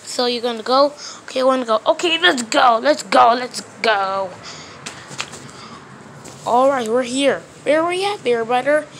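High-voiced woman playing with toys. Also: fairly bright tone, slight background noise. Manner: quick switching between plush toy characters; loose, ungrammatical play talk. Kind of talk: toy play with many voices.

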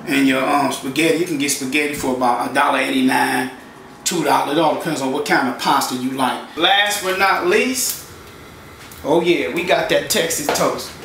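A man's voice: fairly high pitch, fairly bright tone. A man hosting a home cooking show, chatting casually and talking the viewer through each step in his kitchen. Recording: echoey kitchen, far from mic, sizzling noise. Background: frying and sizzling from the pan.

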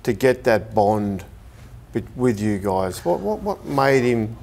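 A man in a mid-range voice questions a guest on a sports panel. He stumbles and restarts, then tells a story with energy. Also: medium pitch. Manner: halting questions, lively anecdote. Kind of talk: TV panel discussion.

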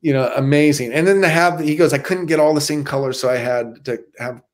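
A man's voice: on the high side, a little fast. A middle-aged man, a stuntman guest, telling stories in a casual interview with lots of restarts. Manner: animated storyteller with many restarts.

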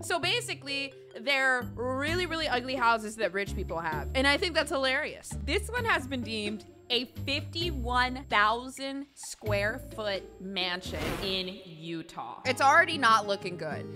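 A young adult woman hosting a stream, chatting casually and excitably as she reacts to videos and pictures, often breaking into laughter. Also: on the high side, a little slow, hardly any pauses, over music. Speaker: streamer host.

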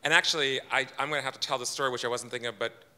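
A man with a very bright, ringing voice tells a personal story to a live audience. He is chatty and self-deprecating, and he slips into quoted lines of dialogue in his own voice. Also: medium pitch, fairly even intonation, racing. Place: event room with audience.

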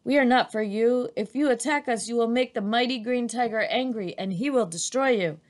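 A woman's voice: a little high, moderate pace, voice pushed up, natural voice. A woman reading aloud, voicing a small boy who insists on his protector's power. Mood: defiant. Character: small boy, loyal and defiant.

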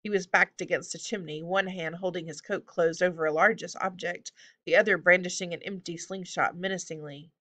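A woman reading a children's fantasy story aloud at a steady pace. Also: on the low side, fairly quick, few pauses. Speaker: audiobook reader. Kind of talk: storybook narration.

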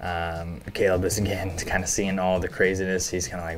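A man's voice: deep voice, level tone, moderate pace. A man hosting a casual episode breakdown, talking loosely with lots of fillers and casual swearing. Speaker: show recap host.

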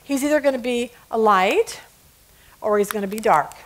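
A woman's voice: a little high, normal speed, a little hiss or hum. A middle-aged woman teaching a women's Bible study, telling stories and acting out quotes, laughing at her own jokes.

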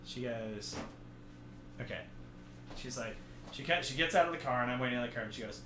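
A man hosting a casual stream, telling a story about himself in an animated, self-deprecating way. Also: medium pitch, brisk, pauses often, reverberant, slight background noise. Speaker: streamer host.

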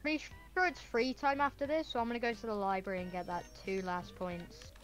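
Woman, casual gaming chat, giggly, high voice, faint background music. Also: animated, fairly quick. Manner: giggly, squeals in panic. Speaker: gamer co-playing a prison game.

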